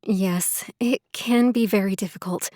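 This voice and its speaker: A woman's voice: medium pitch, a little slow, dark tone, dry recording, studio quality, lightly acted. A woman voicing a gracious, soothing friend in an audiobook, with a reassuring way of talking. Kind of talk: audiobook character voice.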